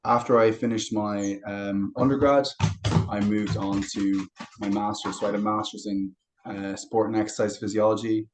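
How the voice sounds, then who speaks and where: Lower-voiced young man telling stories. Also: normal speed, a little hiss or hum, rough recording. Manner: relaxed storytelling with anecdotes. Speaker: podcast guest, fitness coach. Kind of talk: casual interview chat.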